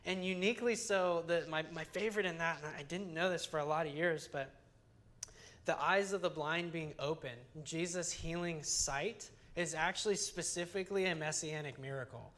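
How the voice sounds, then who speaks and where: An earnest young adult teaching scripture in a relaxed, conversational sermon. The voice sits mid-pitch and comes across chatty, often circling back with restarts and casual fillers as the points build. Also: moderate pace. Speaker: Bible teacher.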